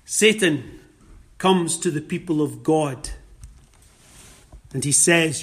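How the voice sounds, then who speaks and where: A man's voice: on the high side, slow pace, husky. A male preacher delivering a sermon, quoting scripture and stressing key phrases through emphatic repetition.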